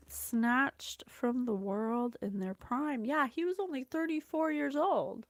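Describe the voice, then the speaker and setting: Effusive chatty woman, high and slow. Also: no echo, studio quality. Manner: chatty, effusive, laughs often, reads scripture aloud. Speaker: psychic reading host. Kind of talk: casual spiritual livestream talk.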